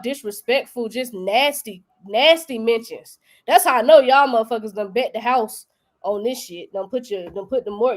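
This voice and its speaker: Young woman, North Carolina accent, slangy, joking, fairly high voice. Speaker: crypto show host. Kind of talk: casual live-stream chat.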